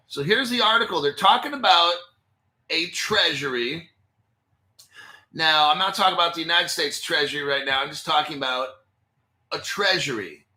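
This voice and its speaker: A man's voice: fairly high pitch, normal speed, pauses often, sharp tone. A man hosting a crypto channel, talking in a casual, blunt and exasperated way straight to his viewers as he works at his computer. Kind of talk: casual livestream commentary.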